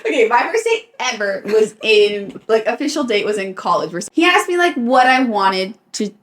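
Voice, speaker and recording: A woman's voice: fairly high pitch, a little hiss or hum. A young woman from California, co-hosting a podcast and telling a story in casual chat, laughing often and acting out what others said. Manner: animated, laughing, quotes others in changed voices. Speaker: podcast co-host.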